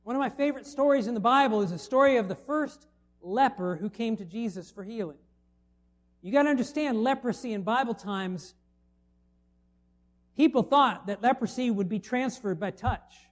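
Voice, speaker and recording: A man's voice: very high voice, moderate pace. A middle-aged man preaching a sermon, conversational and full of rhetorical questions to the congregation. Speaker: pastor.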